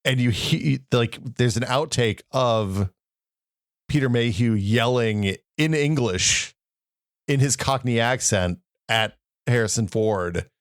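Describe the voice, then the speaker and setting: A man hosting a tech podcast, telling stories in a lively, chatty way. His voice sits at a middle pitch, recorded close and dry. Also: takes it slowly, no room sound. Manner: animated, laughing, anecdotal. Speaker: podcast host. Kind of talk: casual tech podcast chat.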